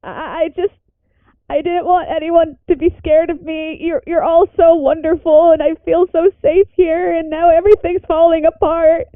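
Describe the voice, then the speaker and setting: A woman's voice: extremely high pitch, fairly even intonation, no room sound, voice pushed up. A woman voicing a scared, guilty young alien kid, speaking shakily in a tabletop game. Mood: tearful. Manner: shaky, halting speech. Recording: tinny phone-like call audio.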